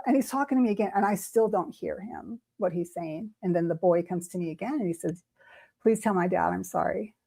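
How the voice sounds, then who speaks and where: Her voice mid-range and a little mellow, a woman who reads tarot shares a personal story in casual chat on a talk stream. She starts out tearful, and the telling is emotional and rambling, full of restarts.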